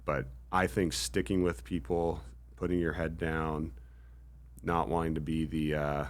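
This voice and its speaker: Very deep-voiced man, modest guest. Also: level tone, unhurried. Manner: modest, thoughtful, with frequent ums and "yeah, yeah, yeah". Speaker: interview guest. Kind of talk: casual interview chat.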